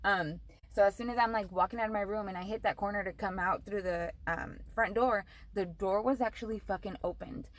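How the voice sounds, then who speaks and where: A woman's voice: mid-range voice, brisk, low-quality recording. Young woman ranting on her vlog, curses a ton, says like constantly. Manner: profane, rambling, says "like" a lot. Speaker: vlogger. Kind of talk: casual storytelling.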